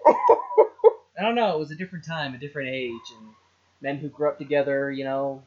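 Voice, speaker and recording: A man's voice: fairly high pitch, sing-song, normal speed, warm tone. Joking, rambling podcast host man. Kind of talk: casual chat reviewing a film. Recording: slightly dull lo-fi sound.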